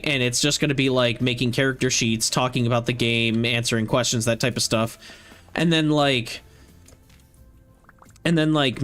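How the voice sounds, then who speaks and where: A man's voice: medium pitch, fairly bright tone. A young man who streams games, chatting casually and rambling with lots of filler words. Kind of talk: casual chat while streaming a game.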